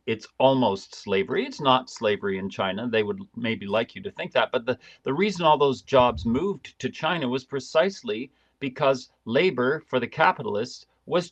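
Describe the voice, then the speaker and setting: A man hosting a live stream, reading through a document and twisting it sarcastically, halting often with fillers. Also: mid-range voice, fairly bright tone, dull audio. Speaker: host.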